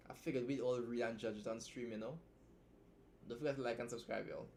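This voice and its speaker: A man's voice: mid-range voice, steady tone, darkish tone, slight background noise. Blunt, joking Trinidadian man streaming. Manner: blunt, joking, swears freely, fast asides. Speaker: livestream host and writer. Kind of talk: casual livestream chat, reacting and reading a story aloud.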